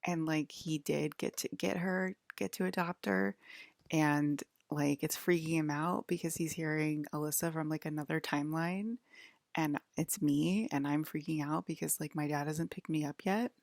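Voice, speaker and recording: A woman's voice: deep voice, fairly even intonation, normal speed, vocal fry, darkish tone, no echo, clean studio sound. A woman talking in a casual, rambling vlog monologue from her bedroom, leaning heavily on the filler "like". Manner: rambling, heavy use of filler "like". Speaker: vlogger.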